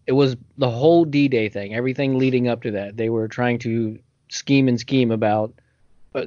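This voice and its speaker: A man's voice: mid-range voice, a little mellow, dry recording, lo-fi sound. An American man co-hosting a casual podcast, reading from notes and laughing as he stumbles over unfamiliar words. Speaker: podcast co-host.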